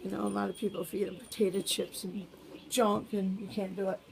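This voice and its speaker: A woman's voice: mid-range voice, level tone, brisk, vocal fry, noisy background. A woman filming her pets at home, chatting and coaxing them in a sing-song voice. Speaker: pet owner filming her animals. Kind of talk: casual home video chat.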